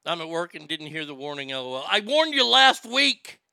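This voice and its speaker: Male stream host, profane ranting chat; smooth, clear voice, dry close sound. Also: a little high, big pitch swings, fairly quick, bright, forceful tone, no echo. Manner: ranting, profane, reads viewer comments aloud. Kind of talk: casual live stream chat.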